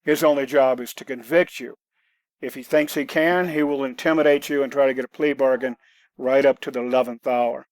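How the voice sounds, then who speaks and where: Blunt man, mid pitch, dry close mic; plain-spoken podcast guest. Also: fairly even intonation, brisk, a little mellow, dry recording. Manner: blunt, matter-of-fact, rule-giving. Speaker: guest, self-defense author. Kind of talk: conversational podcast storytelling.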